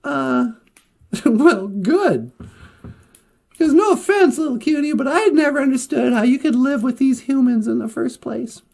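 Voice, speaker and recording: Brief: woman doing a high, gravelly, blunt storybook squirrel, chatty and brash. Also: animated, unhurried, a little mellow, heavily acted. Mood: brash, breezy. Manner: chatty, brash advice-giving. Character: cheeky male squirrel, blunt and wary of humans.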